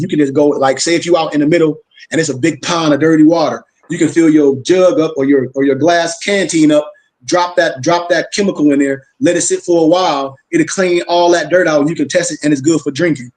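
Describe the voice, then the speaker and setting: Gullah-accented florida guy teaching a class, bit high voice, quick rhythmic preacher flow. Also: fairly even intonation, a little mellow. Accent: Gullah-influenced Southern US. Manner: fast, rhythmic preaching cadence with casual slang. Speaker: spiritual teacher. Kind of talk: informal class discussion.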